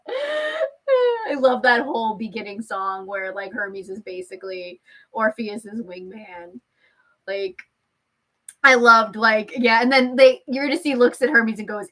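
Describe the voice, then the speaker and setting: A woman's voice: on the high side, bright, forceful tone. A young woman hosting a casual chat, chatty and laughing often, swearing freely as she talks. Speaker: host.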